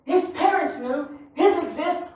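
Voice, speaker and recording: A man preaching a sermon, telling stories with laughter and bursting into shouts. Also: very high voice, unhurried. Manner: animated, often shouting, laughing storyteller. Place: church sanctuary. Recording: echoey church from far off.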